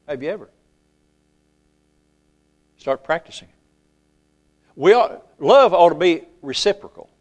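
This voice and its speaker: An older preacher delivers a folksy sermon from the pulpit, his voice sitting a touch higher than most men's. He checks in with the congregation and draws the scripture out slowly. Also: lively intonation. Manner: folksy, calls out to the congregation, slows down to recite scripture. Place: church.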